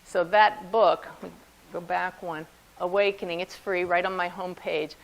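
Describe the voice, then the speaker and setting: Woman medium talking to a crowd, lowish gravelly voice, earnest and keen. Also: fairly even intonation, a little slow, low-quality recording. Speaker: spiritual medium giving a talk. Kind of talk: talk to an audience.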